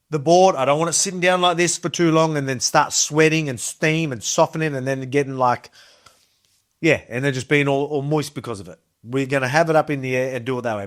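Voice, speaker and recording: An Australian man in his thirties talks his way through a casual kitchen demo, rambling and enthusiastic as he goes. His voice sits a little on the high side for a man. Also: fairly bright tone. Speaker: cooking video host.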